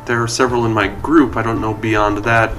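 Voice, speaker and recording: A man's voice: lowish voice, steady tone, brisk, a bit bright, distant mic, soft background music, natural voice. A man voicing a dignified young woman adventurer who speaks formally and reproves others dryly. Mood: reserved.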